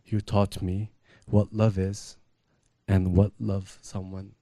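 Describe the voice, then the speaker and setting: A man, the groom, reading his wedding vows in an earnest, measured way. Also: deep voice, level tone, dark tone, no echo. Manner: earnest, measured vow delivery.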